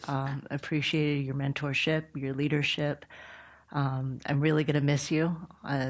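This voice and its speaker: A city staff member giving a halting tribute with many fillers at a council meeting. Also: medium pitch.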